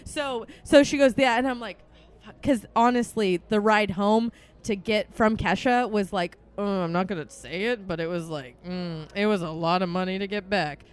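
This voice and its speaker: A woman's voice: mid-range voice, moderate pace, clean tone. A woman in her twenties hosting a casual podcast, telling a story with lots of swearing and acted-out quotes. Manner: animated, swearing, acts out quotes. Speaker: podcast host.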